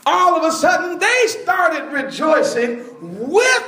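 Brief: male preacher, animated storyteller, high voice, slow unhurried delivery. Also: reverberant, noisy background. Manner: animated storytelling, bursts of shouting and laughter. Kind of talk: sermon.

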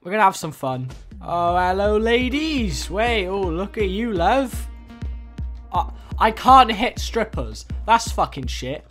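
A young man giving crude, jokey commentary while playing a game, with sudden shouted outbursts. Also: high-pitched, very animated, slow pace, faint music behind. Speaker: gaming YouTuber. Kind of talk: let's-play commentary.

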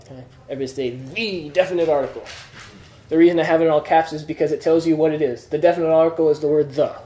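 Man, teacher, patient explaining, slightly high pitch, roomy echo. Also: fairly even intonation, very fast, mellow, slight background noise. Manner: patient, checks for understanding. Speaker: Greek teacher. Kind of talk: classroom lesson. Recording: echoey room.

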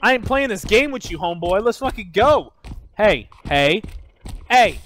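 A man trash-talking other players in game voice chat, loud and profane, yelling taunts. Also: sits high, sing-song, a little slow, very noisy. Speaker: gamer streamer.

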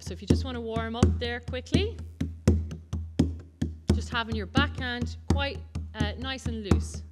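A woman with an Irish accent teaching the bodhrán, patiently explaining and counting the beats aloud. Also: a little high. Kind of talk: music lesson demonstration. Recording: loud drumming behind the voice.

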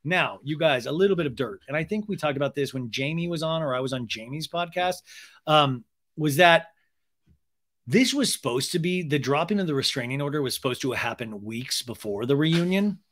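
Snarky bright-voiced male podcast host. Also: a little high, lively intonation. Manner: snarky, swearing, quick asides. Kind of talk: comedic recap chat.

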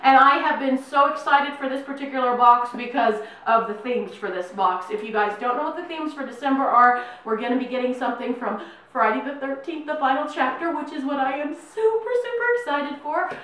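A middle-aged woman chats through an unboxing video in a fairly high voice, bubbly and full of fillers. The room is very echoey. She sits at a distance from the mic. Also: fairly quick, few pauses, fairly bright tone. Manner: bubbly, gushing, chatty with many fillers. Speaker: YouTube unboxing host. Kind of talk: casual unboxing vlog. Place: home room, in New Mexico.

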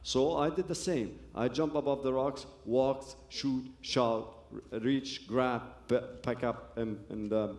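A man's voice: medium pitch, steady tone, slow pace, hardly any pauses, darkish tone, reverberant. Man telling his story. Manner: earnest storytelling with broken phrases and restarts. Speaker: speaker giving a personal testimony. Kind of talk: personal testimony to an audience.

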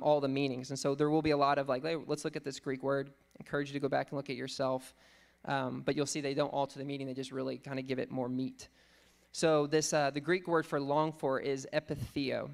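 A man preaching a sermon, teaching earnestly, reading scripture slowly and thinking aloud with fillers. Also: a little high.

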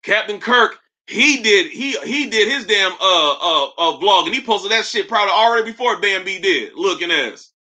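A man with a fairly high, bright voice hosts a livestream, roasting people with loose, jokey trash talk. He talks casually and breaks easily into laughter. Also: lively intonation, normal speed, hardly any pauses. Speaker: livestream host.

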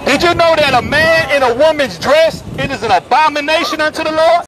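A man preaching in the open air on a city street, forceful and repetitive, calling out the people passing by. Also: extremely high pitch, fairly quick, poor audio. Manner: forceful and repetitive, calls out passersby. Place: busy city street outdoors. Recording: street crowd and traffic noise. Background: crowd chatter and passing vehicles.

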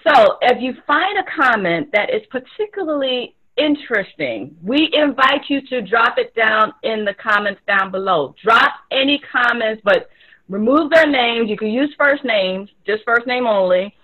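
Female co-host, squeaky and slightly husky, loose and giggly delivery. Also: moderate pace, lo-fi sound. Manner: laughing, rambling, animated. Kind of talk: casual show intro.

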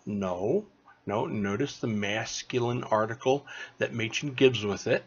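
A man tutoring beginners through a recorded online language lesson, slow and patient, checking in with "okay?" after each point. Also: mid-range voice, slightly rough, highs cut off. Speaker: Greek tutor.

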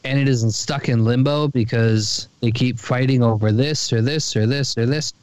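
A man's voice: medium pitch, steady tone, normal speed, a little mellow, no echo. A man co-hosting a podcast in casual chat, joking and riffing crudely. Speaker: podcast co-host.

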